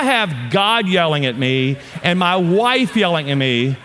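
With a fairly high, fairly bright, sing-song voice, a middle-aged Louisiana pastor preaches unhurriedly and hardly pauses at all. His sermon is full of humorous storytelling and playful audience asides, echoing with the long reverb of a large church auditorium.

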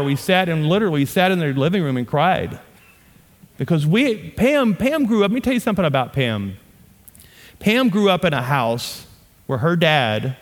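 Pastor telling a funny sermon story. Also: male voice, sits high, fairly bright tone. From Louisiana. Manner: humorous storytelling, playful asides to the audience. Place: church auditorium. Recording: long reverb of a large hall.

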